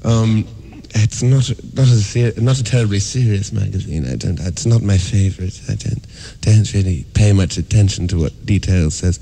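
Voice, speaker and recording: Giddy, jittery man with a dark voice. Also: lowish voice, moderate pace, creaky. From South Africa. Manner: giddy, silly, jittery, rambling with restarts. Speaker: musician guest. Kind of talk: casual radio interview. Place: radio studio.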